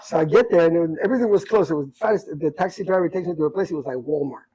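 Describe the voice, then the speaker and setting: A middle-aged man telling stories from his life in a casual chat, animated and repeating himself as he acts out what people said. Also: a little high, very fast, slightly rough, low-quality recording. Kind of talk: casual storytelling.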